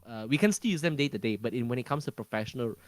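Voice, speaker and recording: Animated and racing, a Malaysian man's medium-pitched voice comes through a dry recording. He speaks with a Malaysian English accent as a casual podcast guest, often groping for words, restarting sentences and leaning on fillers.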